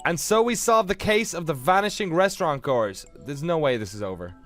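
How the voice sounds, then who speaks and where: Sweary joking let's-play host. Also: male voice, a little high, expressive, fairly quick, fairly bright tone, faint music behind. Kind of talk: casual let's play commentary.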